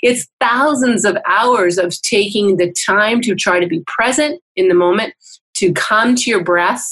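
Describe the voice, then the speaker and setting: A woman's voice: medium pitch, unhurried, a bit bright, slightly rough, low-quality recording. A woman counselor and teacher, a guest on a video call, explaining things in an earnest, instructive way and often asking "right?". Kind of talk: explanatory interview talk.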